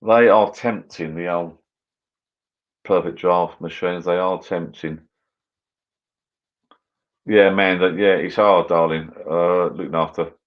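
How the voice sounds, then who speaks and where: A man's voice: sits low, little pitch movement, takes it slowly, long pauses, muffled recording. A middle-aged man hosting a casual live chat over drinks, rambling on as he reads out comments. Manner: rambling, mumbling on. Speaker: livestream host. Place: garden bar shed at home.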